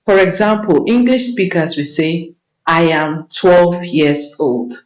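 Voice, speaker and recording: A woman leads a vocabulary lesson, speaking slowly and repeating each word patiently for her learners. Her voice sits at a middle pitch. It sounds roomy and echoey, with a dull, lo-fi recording. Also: expressive, a little mellow. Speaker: Spanish teacher.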